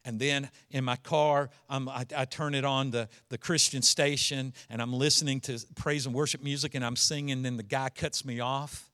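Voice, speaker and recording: A middle-aged man preaching a sermon, animated, acting out quoted complainers and dropping to a low confiding voice for asides. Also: normal speed, few pauses. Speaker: pastor.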